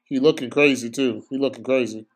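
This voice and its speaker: A young man giving casual, slangy live commentary on a boxing match for his stream, excitable and prone to bursts of shouting. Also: medium pitch, a little fast.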